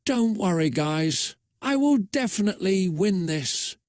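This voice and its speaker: A man's voice: sits high, lively intonation, measured pace, a little mellow, no echo, studio quality, pitched above the performer's own voice. A man voicing a smug, menacing teenage rival girl who speaks with a threatening confidence.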